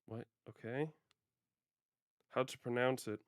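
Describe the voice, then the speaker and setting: A man's voice: mid-range voice, fairly even intonation, slow pace, no room sound. A man livestreaming a racing game, chatting casually and playfully with his viewers and laughing often. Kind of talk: casual gaming livestream chat.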